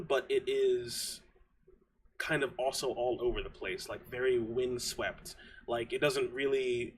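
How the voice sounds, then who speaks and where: A man's voice: medium pitch, slight background noise, rough recording. Casual man running a tabletop game. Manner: loose, casual narration. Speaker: game master.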